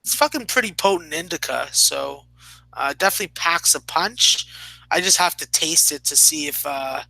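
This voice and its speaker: A man's voice: a little high, expressive, normal speed, creaky, sharp tone, no echo, low-quality recording. A man co-hosting a casual late-night podcast, loose and joking, with heavy swearing. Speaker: podcast co-host.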